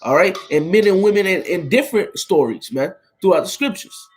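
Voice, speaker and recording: A man's voice: high voice, animated, brisk, low-quality recording. Laid-back man teaching scripture. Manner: casual, peppered with "man" and "all right?"; stumbles over words and restarts. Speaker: Bible teacher. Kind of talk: informal scripture reading and commentary.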